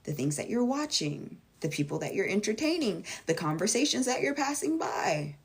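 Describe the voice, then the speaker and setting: A woman's voice: very animated, moderate pace, husky. A woman talking to her viewers in a casual spoken monologue as a vlogger and life coach, blunt and emphatic, swearing freely and acting out quoted voices. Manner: acts out quoted voices with big jumps in pitch.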